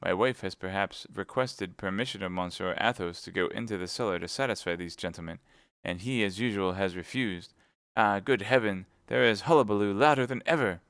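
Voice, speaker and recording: A man's voice: on the low side, brisk, fairly bright tone, clean tone, no echo, clean studio sound. A man doing a distraught innkeeper. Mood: anxious. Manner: pleading, aggrieved. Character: distraught middle-aged male innkeeper, complaining.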